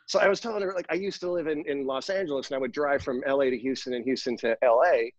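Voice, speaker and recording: A man co-hosting a podcast rambles through joking stories at a middle pitch. The dry recording sounds a little dull and lo-fi. He talks in a loose, casual way. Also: quick pace, no room sound. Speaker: podcast co-host.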